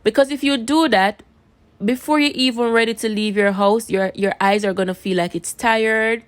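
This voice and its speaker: A woman with a Jamaican accent chats casually into a phone camera while doing a makeup tutorial, repeating words for emphasis. Her voice is fairly high, steady, at a normal speed.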